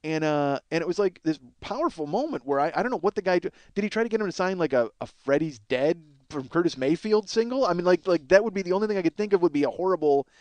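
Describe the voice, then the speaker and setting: Fast-talking profane man telling stories. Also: sits high, lively intonation, darkish tone, no echo. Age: 30s. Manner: rambling, profane, self-deprecating. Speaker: podcast host. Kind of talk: solo storytelling monologue.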